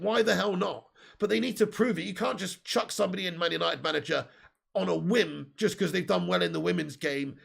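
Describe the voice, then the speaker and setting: A man with a raised, gravelly voice and husky edges, chatting on a live football fan stream. He reads out viewer comments and answers them with strong, opinionated takes and a laugh here and there. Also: sits high. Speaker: football fan channel host. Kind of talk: live stream chat reading super chats.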